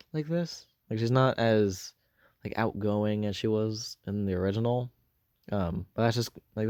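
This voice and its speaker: Man, unhurried, dry close sound, rambling retelling with lots of "um" and restarts. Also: fairly low pitch, darkish tone, no room sound. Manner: hesitant, many fillers and self-corrections. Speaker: fan storyteller.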